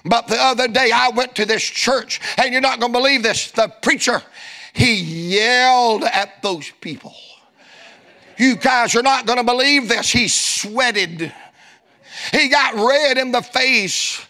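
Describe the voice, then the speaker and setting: A high, bright-voiced preacher doing a nosy woman hairdresser who gossips breathlessly and grills her customer with sharp questions. She is brusque and eager, delivered as a short comic bit inside a sermon. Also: measured pace, exaggerated voice. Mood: gossiping.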